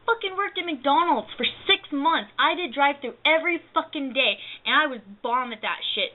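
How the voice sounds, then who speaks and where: A woman's voice: sits high, a little fast, narrow, tinny audio. A young woman ranting indignantly and profanely, acting out other people's words as she tells the story. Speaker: vlogger. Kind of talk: angry rant to camera.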